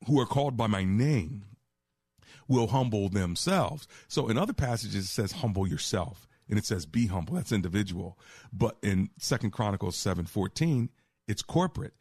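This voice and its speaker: A middle-aged man hosting a call-in radio show as a pastor, teaching scripture with a preacher's cadence that slows for quoted verses. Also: low voice, a little mellow, no room sound, clean studio sound. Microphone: studio microphone.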